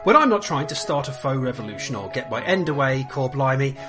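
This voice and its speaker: A cheeky Cockney presenter, as a man puts him on rambles and drawls with a lewd grin in his words. His pitch wanders widely. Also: very animated, a little fast, over music, natural voice. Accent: put-on Cockney.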